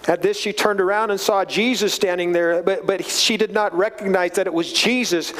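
A man giving a casual Bible study talk, animated, chuckling and often repeating words as he reads and explains. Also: high voice, moderate pace, hardly any pauses, rough recording. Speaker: Bible teacher.

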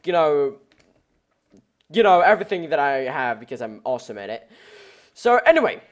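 A man giving casual, rambling let's-play commentary over a game, excitable and prone to yelling at the creatures on screen. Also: on the high side. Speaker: gameplay commentator.

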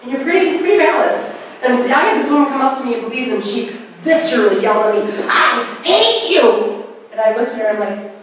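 A woman giving a spiritual lecture at a conference, animated and swooping up high on key words. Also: fast, very noisy. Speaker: conference speaker. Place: lecture hall. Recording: echoey hall from far off.

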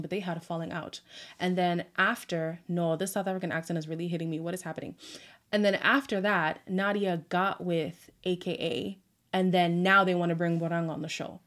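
A woman casually recapping a reality show with sassy, exasperated asides and laughs. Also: fairly low pitch. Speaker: recap vlogger.

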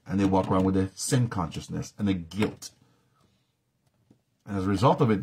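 Husky-voiced preacher teaching Bible study. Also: male voice, lowish voice, darkish tone. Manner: preachy, rhetorical questions, rising to emphatic peaks. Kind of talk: live-streamed Bible study sermon.

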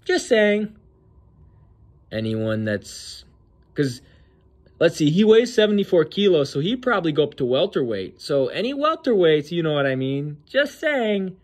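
Casting: male host, casual commentary, mocking and slangy, slightly high voice. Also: big pitch swings, measured pace.

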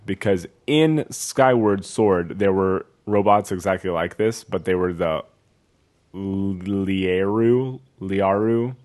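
Deep-voiced man doing chatty game commentary. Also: darkish tone. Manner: chatty and jokey, wondering aloud as he plays. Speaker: video game streamer. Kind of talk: casual let's-play commentary.

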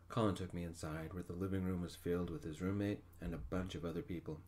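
Deep-voiced man, soft-spoken ASMR story. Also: steady tone. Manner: gentle, unhurried first-person narration.

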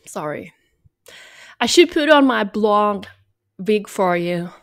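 A woman's voice: medium pitch, lively intonation, takes it slowly, smooth. A woman from Norway chatting in a vlog, a little tired, joking and self-mocking in a drawling voice. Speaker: vlogger. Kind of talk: rambling ironic vlog chat.

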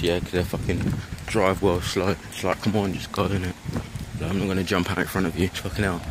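A man's voice: low-pitched, heavy background noise. A young man chatting casually to camera in a laid-back, slangy way, swearing a lot. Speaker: vlogger. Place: at home and outdoors.

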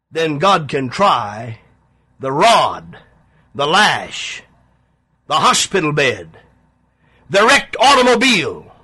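A man preaching a sermon on the radio, pleading and emphatic, with dramatic pauses and big swings in his voice. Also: fairly high pitch, pushed and bright, slightly rough.

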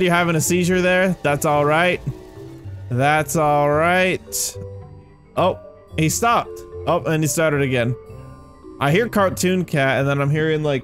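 A man giving chatty, excitable commentary while playing a game, often saying "dude" and "like" and jumping into loud, high yelps when startled. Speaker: gaming YouTuber. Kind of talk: casual gameplay commentary.

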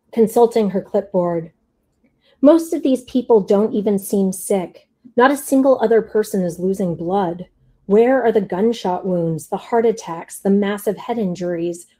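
A woman reading aloud from her own novel, in a measured, quietly expressive way. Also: mid-range voice. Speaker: author reading her fiction. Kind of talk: literary reading.

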